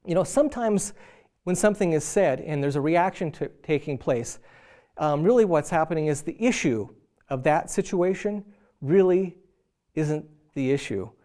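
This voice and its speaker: Middle-aged male preacher, warm and mellow, lively storyteller who acts out both sides of a quarrel. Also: a little high, normal speed. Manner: animated storyteller acting out both spouses. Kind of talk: sermon on marriage.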